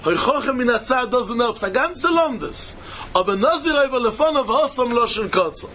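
A man's voice: extremely high pitch, animated, fairly quick, bright, forceful tone. A man giving a Talmud lecture, emphatic and repetitive, chuckling as he explains. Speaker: Talmud teacher.

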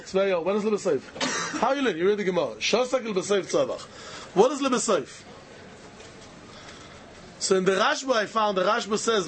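A man with a Yiddish-inflected English accent lectures on Talmud in a sing-song study chant. His voice sits very high and swings widely as he fires off rhetorical questions. Faint noise runs underneath. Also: fairly bright tone. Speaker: Talmud teacher.

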